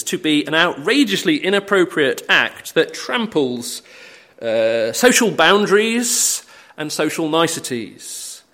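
A man's voice: a little high, fairly bright tone. A man preaching a sermon, explaining a Bible passage as a story, with frequent hesitant fillers.

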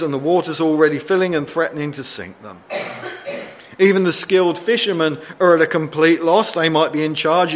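A man preaching a sermon, reading scripture aloud and acting out pleading quotes with rising intensity, slowing down for emphasis. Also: fairly high pitch.

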